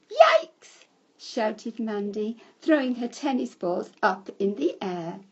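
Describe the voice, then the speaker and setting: A woman telling a children's story in a slow storybook manner, breaking into shouted cries for the characters. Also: medium pitch, husky, dull audio.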